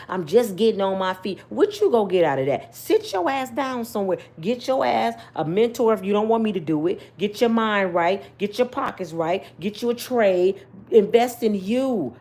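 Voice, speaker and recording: A woman's voice: medium pitch, darkish tone. A middle-aged woman, a mother and grandmother, giving blunt, scolding opinions and personal stories straight to her viewers. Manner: emphatic and repetitive, talks straight to viewers. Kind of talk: casual story time commentary.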